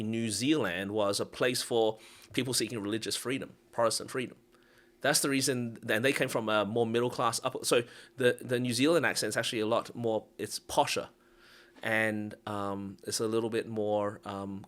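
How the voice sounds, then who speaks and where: An Australian man co-hosts a casual podcast, with a bright and forceful tone. He talks at a middle pitch and tells his stories with animation. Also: normal speed. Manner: animated storyteller, laughs through his stories.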